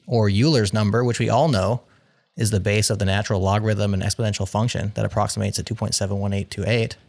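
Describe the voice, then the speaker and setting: A man's voice: on the low side, fairly even intonation, fast, creaky, darkish tone. A man hosting a podcast game show, reading out survey results in a playful, wry way.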